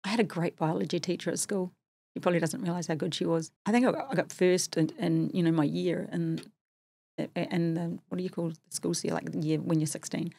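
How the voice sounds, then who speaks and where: Husky New woman, candid and chatty. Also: fairly low pitch, steady tone, fairly quick, warm tone. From New Zealand. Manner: candid, self-deprecating, chatty. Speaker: podcast guest. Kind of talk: casual interview storytelling.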